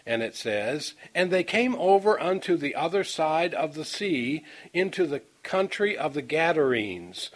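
A man preaching a Bible-teaching sermon. He reads scripture slowly and deliberately, then breaks into folksy stories, often halting and repeating words as he goes. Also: on the high side, big pitch swings. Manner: folksy, storytelling asides; halting, repeats words while finding them.

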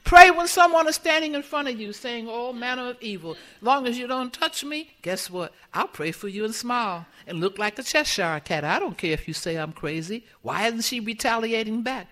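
A woman's voice: on the high side, lively intonation, normal speed, hardly any pauses, a bit bright. A woman giving a conversational sermon in a church, putting questions to the congregation. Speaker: church speaker.

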